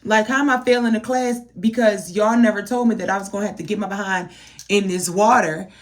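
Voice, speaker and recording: A woman chatting casually to camera, animated and exasperated, firing rhetorical questions at her viewers. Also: medium pitch, a little fast. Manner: addresses viewers as y'all. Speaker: beauty vlogger.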